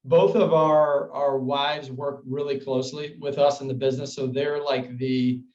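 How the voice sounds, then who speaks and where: A man's voice: medium pitch, flat delivery, moderate pace, a little mellow. Guy rambling about his business, lots of likes and ums, echoey muffled audio. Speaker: coworking space co-owner. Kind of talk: casual interview answers.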